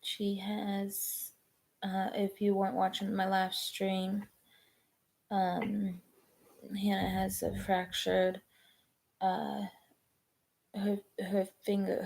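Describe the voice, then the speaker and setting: Slow, gravelly woman chatting. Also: medium pitch, flat delivery, a little mellow. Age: 20s. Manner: rambling, halting with many ums and restarts. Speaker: live streamer. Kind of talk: casual live-stream chat.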